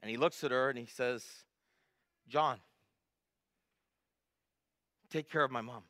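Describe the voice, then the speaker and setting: Bright-voiced male pastor preaching a sermon. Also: mid-range voice, normal speed. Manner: builds from quiet to emphatic. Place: church.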